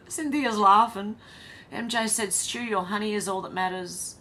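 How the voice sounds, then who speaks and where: A woman's voice: mid-range voice, unhurried, bright, forceful tone. Chatty Australian woman live-streaming. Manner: chatty, laughs often, blunt and swears. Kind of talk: casual live-stream chat reading comments.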